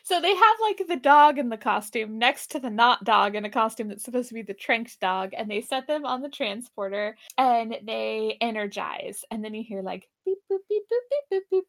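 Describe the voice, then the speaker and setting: A woman's voice: fairly high pitch, moderate pace, few pauses, a bit bright. A young woman co-hosting a podcast, chatting casually and giggling as she recaps a TV episode. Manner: giggly, chatty, puts on silly voices for characters. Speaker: podcast co-host.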